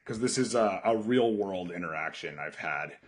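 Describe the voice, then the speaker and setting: A man hosting a podcast interview, hesitant, repeating and restarting words as he asks questions and pitches ideas. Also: lively intonation, normal speed, husky. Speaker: podcast host.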